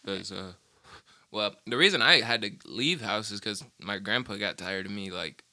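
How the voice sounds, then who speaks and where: A man's voice: lowish voice, normal speed, sharp tone. A young man telling stories from his past in a rambling, profane, casual chat, laughing often. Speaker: vlogger.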